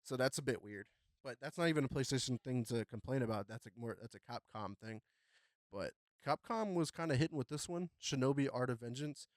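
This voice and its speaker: A young man hosting a podcast, chatting casually about gaming news with a relaxed, rambling delivery full of fillers. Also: medium pitch, a little fast, no echo, clean studio sound. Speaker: podcast host.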